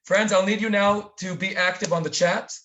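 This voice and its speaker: A man's voice: high-pitched, fairly even intonation, normal speed, a bit bright, highs cut off. A man, from Israel, giving a live online lecture from his home by video call, addressing listeners as friends and telling the story with dramatic emphasis. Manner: direct audience address, calls listeners "friends". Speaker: webinar speaker and tour educator. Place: home near the Syrian border.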